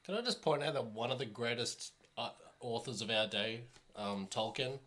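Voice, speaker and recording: A man co-hosting a casual podcast, jokey, quick to laugh and swear. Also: medium pitch, animated, a bit bright. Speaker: podcast co-host.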